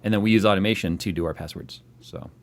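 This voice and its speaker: A man's voice: sits low, fast talker, creaky. A man hosting a tech live stream, chatting casually and teasing his co-host. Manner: teasing, joking.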